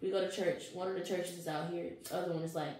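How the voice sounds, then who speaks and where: A woman's voice: on the low side, fast talker. A young woman being interviewed, telling her story in casual slang and acting out what people said. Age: young adult. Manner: animated storytelling, slangy, acts out quotes. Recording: echoey, with faint noise.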